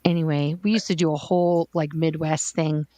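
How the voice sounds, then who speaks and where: This woman from California co-hosts a relaxed online chat, telling stories with animated energy. Her voice sits a little low for a woman and comes across dry and close, with no room around it. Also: normal speed, no echo. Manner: animated storyteller, puts on mock voices in quotes. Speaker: livestream co-host. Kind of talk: casual group chat, storytelling.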